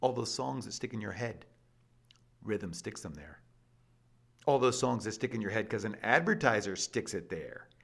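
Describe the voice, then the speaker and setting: A man presenting an energetic scripted explainer with a lively, playful and emphatic delivery. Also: lowish voice, normal speed, gravelly, slightly rough. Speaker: educational presenter.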